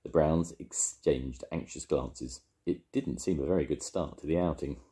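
Old grandad reading a kids book, deep warm voice. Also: male voice, moderate pace. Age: older. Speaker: storytelling grandfather. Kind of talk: reading a picture book aloud.

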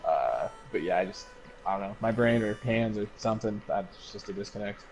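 A man co-hosting a casual gaming chat, laid-back, unhurried and profane. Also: on the low side, darkish tone, a little hiss or hum. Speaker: co-host.

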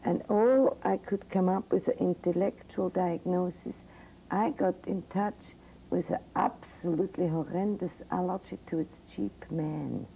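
A woman's voice: lowish voice, unhurried, vocal fry, warm tone, poor audio. An older woman psychiatrist telling a personal story to medical students in a frank, vivid lecture. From Switzerland. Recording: old 1982 recording with faint hiss.

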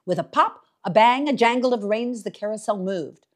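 A woman reading a novel aloud for a library reading series, with expressive, dramatic storytelling. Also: a little high, normal speed. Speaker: library reader.

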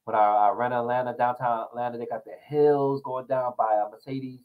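Male talk show host, young adult, casual rambling commentary, animated, mid-pitched voice. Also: fairly quick, clear, resonant tone, phone-quality sound. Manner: rambling, animated storytelling with laughs.

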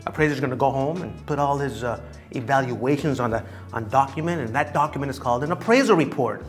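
A man's voice: medium pitch, animated, fast. A male real estate instructor with a mid-range voice talks through the process with theatrical energy. He acts out the dialogues as he goes. A faint bed of music plays behind him. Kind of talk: animated teaching talk.

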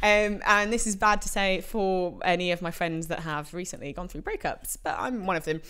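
A woman's voice: fairly low pitch, moderate pace, bright, forceful tone, clean tone. A young woman co-hosting a podcast, teasing her co-host, giggling and reading listener emails in casual chat.

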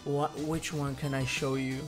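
A man chatting casually on a live stream as an animator, halting with many restarts and repeated words. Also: mid-range voice, flat delivery, over music.

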